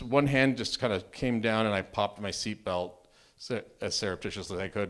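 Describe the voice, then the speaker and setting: A man telling a true story on stage, wry and self-deprecating, animated in his delivery. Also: on the low side. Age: adult, married. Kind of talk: live storytelling.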